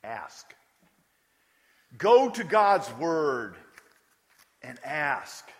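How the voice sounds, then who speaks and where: A man's voice: fairly high pitch, expressive, normal speed, bright, forceful tone. A man preaching a sermon as pastor, emphatic and acting out prayers aloud. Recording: long hall reverb.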